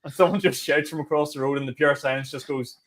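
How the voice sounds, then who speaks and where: A young man with a Northern Irish accent rattles through anecdotes at a fast clip. His voice sits a little high, and he swears freely and acts out the people he quotes. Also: fairly even intonation, a bit bright. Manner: rapid storytelling, swearing, acting out quotes. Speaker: podcast co-host. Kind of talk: casual chat.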